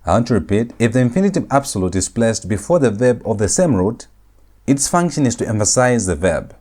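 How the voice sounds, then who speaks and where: A man teaching a recorded grammar lecture, speaking slowly and deliberately and repeating words and phrases for emphasis. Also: medium pitch, sing-song, a little mellow.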